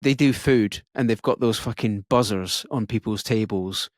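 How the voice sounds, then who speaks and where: A man with a softened Scottish accent, a podcast co-host and stand-up comic telling a story in casual chat. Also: fairly low pitch, normal speed, dry recording, clean studio sound. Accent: Scottish, softened by years in England.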